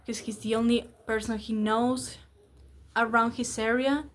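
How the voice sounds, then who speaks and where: A woman's voice: on the high side, little pitch movement, measured pace. A young woman vlogging casually, rambling candidly and swearing freely about her relationship. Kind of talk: casual confessional vlog.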